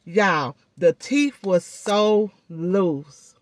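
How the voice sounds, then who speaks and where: A woman's voice: fairly low pitch, lively intonation, drawn-out words, slight background noise. Chatty woman talking with a swollen jaw. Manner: chatty, addresses viewers often with "y'all" and "baby". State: speech thickened by a swollen jaw and gauze in her mouth. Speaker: vlogger. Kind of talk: casual vlog chat.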